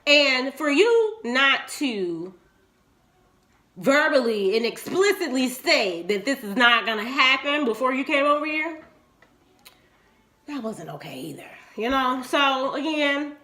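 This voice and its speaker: Animated young woman telling a frank story. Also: unhurried. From Chicago, US. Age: 20s. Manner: animated and frank, acting out quoted lines in swooping pitch. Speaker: vlogger telling a personal story. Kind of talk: candid storytime monologue.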